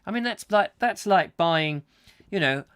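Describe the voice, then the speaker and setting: A man's voice: sits high, expressive, a little slow, a bit bright, clean tone. Rambling man hosting a live show. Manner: rambling, self-mocking, full of fillers and asides. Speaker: host of a live chat show. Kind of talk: comic rambling live chat.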